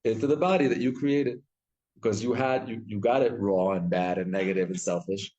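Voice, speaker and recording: A man teaching a Torah class, telling stories with lively acted-out quotes and frequent restarts. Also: lowish voice, a little fast, lo-fi sound. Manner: animated storytelling, acts out quotes, frequent restarts.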